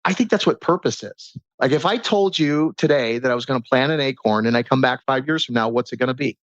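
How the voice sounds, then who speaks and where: Man coaching with lively stories, lo-fi. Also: mid-range voice, fast, no echo. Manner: animated, teaching with stories and rhetorical questions. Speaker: podcast guest, transformation coach. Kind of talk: casual conversational interview. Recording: dull lo-fi sound.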